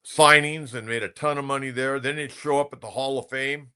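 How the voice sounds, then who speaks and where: A man's voice: medium pitch, steady tone, brisk, bright, forceful tone, clear, resonant tone. A middle-aged man, a sports talk radio host, telling a rambling baseball anecdote in casual commentary.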